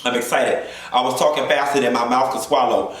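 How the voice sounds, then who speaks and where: A man's voice: medium pitch, fairly even intonation, fairly quick, fairly bright tone, heavy reverb, poor audio. A man giving a sassy, flamboyant, profane comedic recap of a reality show. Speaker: reality TV commentator.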